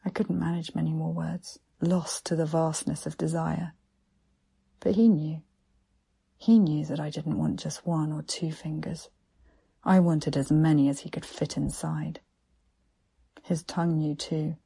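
Low, husky whispering woman. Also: fairly even intonation. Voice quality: breathy, half-whispered delivery. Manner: slow, hushed and intimate. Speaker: narrator. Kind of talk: whispered erotic story narration.

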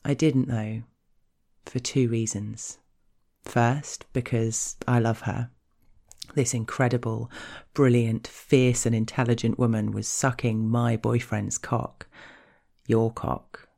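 A woman reading a scripted erotic story in the first person, with a measured, intimate delivery. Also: a bass voice, flat delivery, vocal fry, mellow. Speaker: narrator.

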